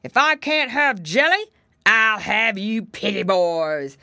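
A woman doing a loud growling storybook bear. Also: medium pitch, animated, slow pace, dry recording, studio quality, exaggerated voice. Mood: greedy growling. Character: big hungry male black bear, blustering.

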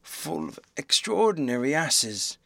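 A man voicing an indignant old sailor who sputters in rough, colloquial talk. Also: a little high, sing-song, unhurried, fairly bright tone, no echo, exaggerated voice. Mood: grumbling. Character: indignant seafaring man, blustering and quick to anger.

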